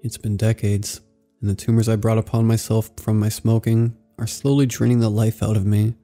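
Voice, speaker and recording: A man narrates a horror story in a measured, somber manner. His voice is low and gravelly, with a very dark, mellow tone, and soft music plays faintly behind him. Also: flat delivery.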